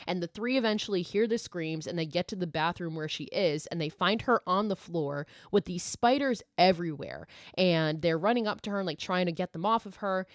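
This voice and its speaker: A woman's voice: lowish voice, dry recording, clean studio sound. Chatty, swearing woman recapping a film. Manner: chatty, swears freely, heavy use of "like". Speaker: podcast host.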